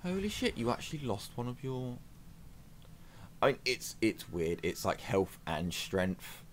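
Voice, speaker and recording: A man's voice: medium pitch, big pitch swings, a little slow, slight background noise. A man giving casual, self-mocking commentary as he plays a strategy game on his channel. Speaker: gaming YouTuber.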